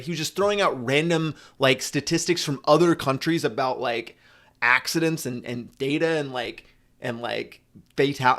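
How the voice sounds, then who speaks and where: A man's voice: medium pitch, a bit bright. A man chatting casually on a live stream as a motorcycle streamer, rambling and swearing, with frequent restarts. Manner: rambling, profane, restarts often.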